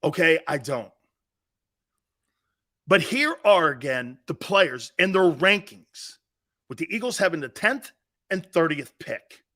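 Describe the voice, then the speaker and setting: A man's voice: a little high, lively intonation, slow, long pauses, bright, forceful tone. A man hosting a sports talk show, blunt and brash, trash-talking callers and hammering his points home with a repeated "Okay?".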